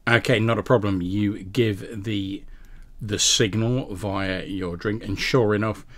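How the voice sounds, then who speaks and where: A man's voice: on the low side, steady tone, slow pace, a bit bright. A man narrating a tabletop role-playing game as game master, describing scenes with frequent small restarts.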